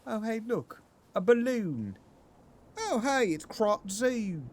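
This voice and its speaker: A man putting on a goofy squeaky voice. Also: sing-song, takes it slowly, darkish tone, a little hiss or hum, heavily acted. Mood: silly. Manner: playful, mock-cheerful. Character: goofy high-voiced man, silly and gleeful.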